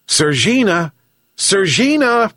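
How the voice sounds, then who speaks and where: A man's voice: a little high, wildly swooping pitch, unhurried, husky, dry recording, studio quality, pitched above the performer's own voice, exaggerated voice. A man voicing a kind old fisherman in a storybook reading, raising his voice to call and plead. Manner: pleading, calling out loud.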